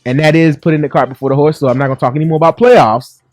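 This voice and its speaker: A man's voice: fairly high pitch, fairly even intonation, racing, darkish tone, no room sound. A man hosting a sports talk show, joking and chatty, in a studio. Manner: upbeat, joking, laughs often. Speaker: sports radio host.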